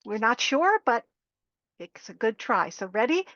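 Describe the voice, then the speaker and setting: A woman with a high voice leads a workshop in an upbeat, encouraging way, taking her time over each step. The sound is dry and a little dull, like a webinar microphone. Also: big pitch swings, a little slow, fairly bright tone, no echo. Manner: upbeat, encouraging, demonstrating chants. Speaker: workshop presenter. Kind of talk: guided laughter yoga exercise.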